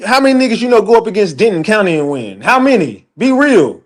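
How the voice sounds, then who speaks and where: A high-pitched man, mid-rant on a livestream. He talks in a heated, profane, emphatic way and answers his chat directly. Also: very animated, fast. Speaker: livestream commentator.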